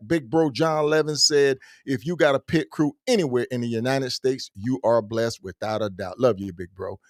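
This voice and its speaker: Excitable man hosting a podcast, dry sound. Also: medium pitch, moderate pace, few pauses, no echo. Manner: excitable, slangy shout-outs to listeners. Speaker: podcast host. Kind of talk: casual live podcast chat.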